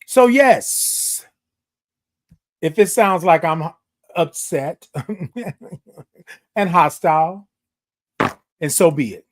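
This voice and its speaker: Very slow and marked by long pauses, the mid-range voice still has lively intonation. A livestream host is addressing viewers directly, fervently and emphatically, raising the voice and repeating lines as if preaching, in animated stream talk.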